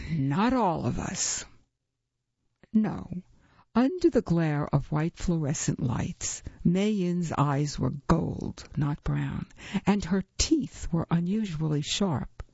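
A woman narrating a short science-fiction story in a slow, even storytelling manner. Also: creaky, slightly rough, no room sound. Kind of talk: audiobook reading. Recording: dull, low-fi recording.

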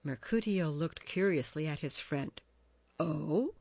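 A woman narrating a storybook tale in a measured, expressive way. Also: sits low, dry recording. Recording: dull dry recording.

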